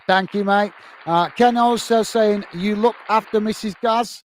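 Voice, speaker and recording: A man's voice: high-pitched, a little slow, slight background noise. A man from England hosting a football watch-along, chatting casually and reading out viewer comments with friendly thanks. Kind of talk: casual live-stream chat.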